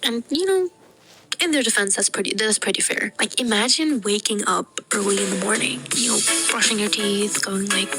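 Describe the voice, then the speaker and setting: A woman from the United States narrating a storytime video in a lively, jokey way, acting out the people she quotes and dropping into whispered asides. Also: mid-range voice, moderate pace, rough recording. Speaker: storytime animator. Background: background music.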